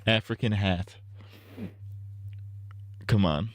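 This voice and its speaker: A man's voice: lowish voice, moderate pace, dry recording. A young man rambling crude jokes on a casual gaming livestream. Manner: crude, rambling, giggly banter.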